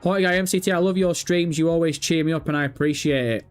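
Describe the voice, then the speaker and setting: A man's voice: on the high side, fast, soft background music. A man hosting a live gaming stream, reading viewer comments aloud and answering with profane, jokey banter. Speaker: livestream host.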